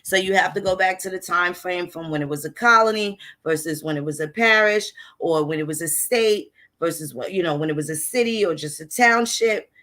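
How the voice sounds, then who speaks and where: A woman's voice: lowish voice, brisk, hardly any pauses, bright, forceful tone. A woman hosting a casual history talk, walking through old records in a blunt, profane, conversational way. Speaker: history channel host. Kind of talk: casual lecture over on-screen records.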